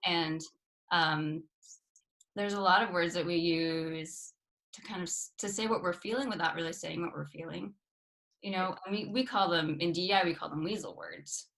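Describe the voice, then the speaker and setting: A woman's voice: lowish voice, normal speed, creaky, a bit bright. A woman co-hosting a casual conversation, thinking aloud in a reflective way. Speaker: co-host.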